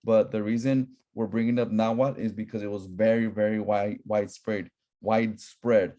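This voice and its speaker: Casual low-voiced man teaching a class. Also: level tone, normal speed, dark tone. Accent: Southern Californian. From Southern California. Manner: casual, chatty, repeats himself. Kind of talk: online class lecture. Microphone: laptop microphone.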